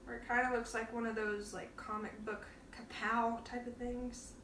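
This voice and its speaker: A woman hosts a relaxed cooking demonstration from her kitchen, chatting playfully and laughing as she works. Her voice sits a bit high and comes from some distance from the mic. The room is echoey, with a faint hum of ambience behind her. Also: normal speed. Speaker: cooking show host. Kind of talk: casual live cooking demonstration. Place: home kitchen. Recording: roomy kitchen sound, from off the mic.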